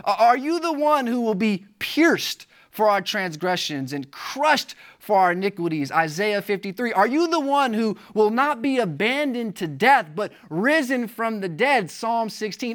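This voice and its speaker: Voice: lively intonation, a little slow, hardly any pauses, a bit bright. Pastor preaching a sermon, emphatic, keeps firing rhetorical questions, voice rises and drops. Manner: varies pitch and volume for emphasis.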